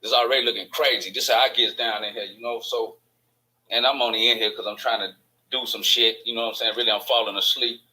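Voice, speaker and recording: A man's voice: mid-range voice, steady tone, bright, forceful tone, poor audio. A man with a Chicago accent hosting his own channel, telling stories in a rambling, profane, digressive monologue. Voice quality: profane, digressive, fast-moving storytelling. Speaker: host of an online channel.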